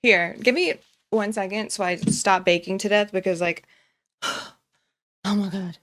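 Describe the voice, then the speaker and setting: A woman's voice: mid-range voice, a little slow, a bit bright. A young woman streamer giving casual reaction commentary, often breaking into giggles as she talks. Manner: giggly, keeps breaking into laughter.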